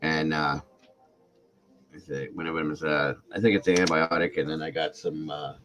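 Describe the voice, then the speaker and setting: A man with a very deep voice hosts a relaxed livestream and warmly greets viewers by name. He sounds congested and a little worn down from being sick, talking at an easy, chatty pace into a home streaming mic. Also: normal speed, music in the background, low-quality recording. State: congested and coughing from illness. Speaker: true crime YouTube livestream host.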